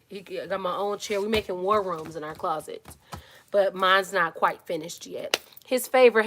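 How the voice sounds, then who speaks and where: This woman, mid-range in voice and moderate in pace, runs a relaxed live Q&A from her phone inside a tiny home closet. Animated and talkative, she calls out viewers by name and murmurs quiet asides.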